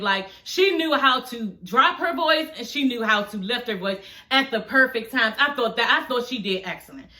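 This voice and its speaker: A woman's voice: sits high, bright, forceful tone, roomy sound, poor audio. A woman from Washington, D.C. giving a sassy, chatty recap of a reality show, calling her viewers honey and girl. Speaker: YouTube reality TV reviewer. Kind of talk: casual recap chat to camera.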